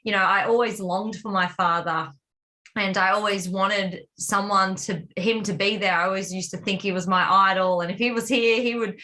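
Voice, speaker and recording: A woman's voice: mid-range voice, fairly even intonation, normal speed, bright, forceful tone. A woman telling a personal story in a candid, confessional way, rambling with plenty of fillers. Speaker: vlog co-host.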